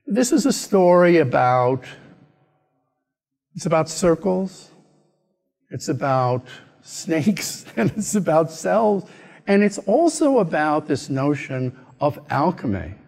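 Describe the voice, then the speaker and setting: American guy telling a story at a keynote, kinda high voice, jumps all over in pitch, acts out the people he talks about. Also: big pitch swings, slow pace, gravelly, a little mellow. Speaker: keynote speaker. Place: conference hall. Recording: echoey hall.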